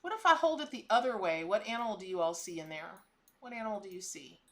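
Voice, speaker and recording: Reading tarot and spirit animals on her live stream, this middle-aged host chats away with viewers, exclaiming and gushing at everything she notices. She speaks quickly in a mid-range, animated voice with a fairly bright tone.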